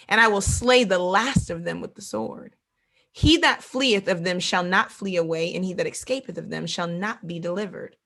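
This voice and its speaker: A woman with a medium-pitched voice teaches a Bible lesson at a normal pace, in a lively sermon style. She acts out the voices she quotes and repeats phrases for emphasis.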